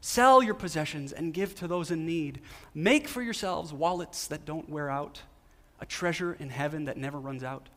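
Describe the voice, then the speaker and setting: A man's voice: a little high, moderate pace, a bit bright. A male pastor giving a sermon, repeating key phrases and asking the audience questions. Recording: long hall reverb.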